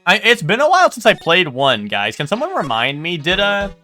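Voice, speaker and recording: A man's voice: high-pitched, huge pitch swings, a little fast, sharp tone, soft background music. A man chatting casually to his viewers while streaming a video game, rambling and asking them questions. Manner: chatty, rambling, talks to chat.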